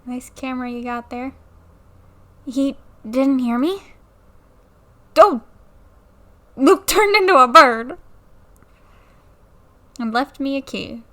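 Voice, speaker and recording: A woman's voice: sits high, takes it slowly, long pauses, a bit bright. A young woman casually commenting on a game at home into a new mic, playfully reading the dialogue aloud and joking about it. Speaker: let's play creator. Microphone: new desktop mic.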